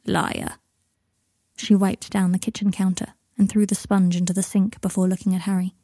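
A woman narrating a story aloud in a calm, even storytelling manner. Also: medium pitch, brisk, no echo. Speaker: reader. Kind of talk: audiobook narration of fiction.

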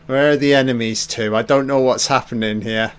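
A man's voice: medium pitch, steady tone, a little fast, smooth. A man giving a casual, sarcastic and profane commentary over a film, tossing off laid-back asides.

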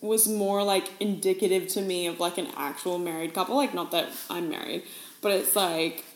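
A woman co-hosting a podcast from Australia, chatting casually, animated and swearing freely, acting out quotes. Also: fairly low pitch, moderate pace. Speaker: podcast co-host. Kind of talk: casual chat. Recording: echoey room.

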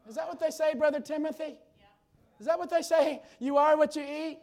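A man preaching a sermon with fervor, swinging between loud exclamations and quiet, chatty asides to the congregation. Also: very high-pitched, steady tone, brisk.

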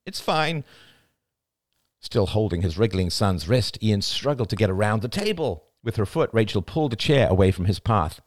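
A man reading a novel aloud as an audiobook, with expressive, dramatic storytelling. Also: on the low side, brisk, hardly any pauses, no room sound, studio quality. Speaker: audiobook narrator. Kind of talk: scripted audiobook narration.

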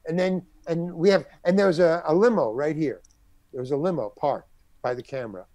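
A man's voice: a little high, fairly quick, no echo. An older man, a character actor, telling a story from his career in a casual interview and acting out what others said. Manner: animated anecdote-telling, acting out quoted voices.

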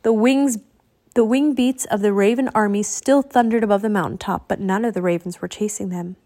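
A woman narrating a children's novel aloud in a steady, expressive storytelling manner. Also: mid-range voice, brisk.

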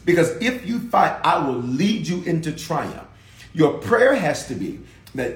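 Lively preaching bishop, echoey room. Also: male voice, on the high side, measured pace. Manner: preacherly call-and-response, urging viewers to comment. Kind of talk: livestream sermon preview.

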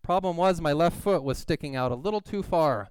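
A man preaching a sermon, telling a personal story with animated, acted-out quotes. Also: on the high side, a little fast, clear, resonant tone, no echo. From California. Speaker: pastor.

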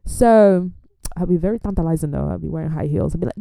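A young woman from an immigrant family, talking in a chatty, animated way as she gives faith-based life advice and laughs often. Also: fairly low pitch, quick pace, gravelly, no room sound, clean studio sound. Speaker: Christian vlogger. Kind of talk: casual advice talk.

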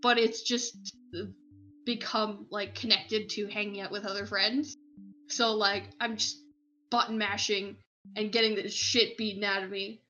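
A young woman with a bright, sharp voice makes wry, easygoing remarks on a relaxed podcast. Her mic sounds dull and lo-fi. Her pitch sits in an ordinary middle range. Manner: wry, casual, quick quips. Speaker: podcast co-host. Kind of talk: casual chat.

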